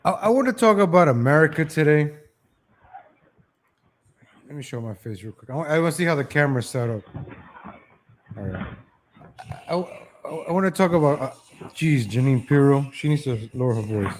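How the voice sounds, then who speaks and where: A man's voice: a little high, animated, normal speed, pauses often, slight background noise. Rambling livestream host, a man. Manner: chatty, off-the-cuff, keeps addressing viewers as ladies and gentlemen. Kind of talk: rambling live-stream monologue.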